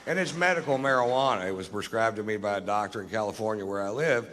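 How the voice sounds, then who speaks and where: Deadpan low-voiced male comedian, live. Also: fast talker, background noise. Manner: laid-back, deadpan, profane. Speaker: stand-up comedian. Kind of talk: live stand-up storytelling. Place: live comedy venue on stage. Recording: live venue with reverb and crowd.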